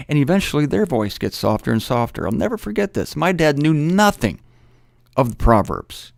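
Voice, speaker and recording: A man's voice: a little high, big pitch swings, a little fast, gravelly, a little mellow, dry recording, clean studio sound. A middle-aged man giving informal Bible teaching, talking conversationally with joking asides and stopping to correct himself.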